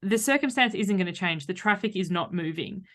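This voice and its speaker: A woman's voice: medium pitch, animated, brisk, a bit bright. A woman co-hosting a podcast in casual chat, talking animatedly and acting out little quoted voices. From Australia. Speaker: podcast co-host.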